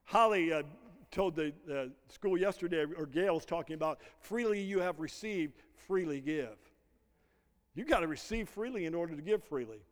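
A man's voice: sits high, brisk. A middle-aged male pastor preaching a sermon, drawing call-and-response answers from the congregation. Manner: call-and-response, prompting the congregation to finish lines. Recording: long reverb of a large hall.

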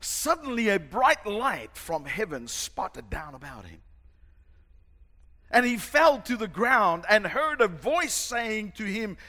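A male pastor preaching a sermon, emphatic and dramatic, shouting at the peaks. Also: sits high, sing-song, takes it slowly. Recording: long hall reverb.

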